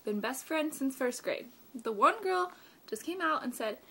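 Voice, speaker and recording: A woman's voice: sits high, lively intonation, measured pace, creaky, a bit bright. A teenage girl ranting sarcastically into her phone camera, swearing a lot and saying "like" constantly. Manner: sarcastic, profane, valley-girl filler "like". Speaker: vlogger. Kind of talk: ranting webcam vlog.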